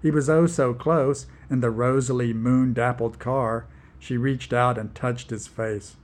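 A man narrating a story in a wry voice, dropping low and slow for quiet moments. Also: fairly even intonation. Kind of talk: storybook reading.

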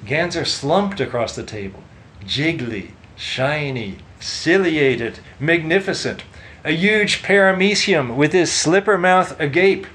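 A man reading a story aloud in a steady, measured way. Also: on the high side, rough recording. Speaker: narrator. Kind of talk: audiobook narration.

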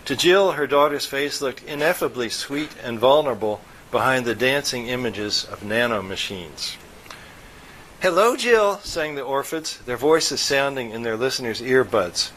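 Brief: male audiobook narrator, steady and even, faint background noise. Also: mid-range voice, normal speed, few pauses, poor audio. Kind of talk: science-fiction story reading.

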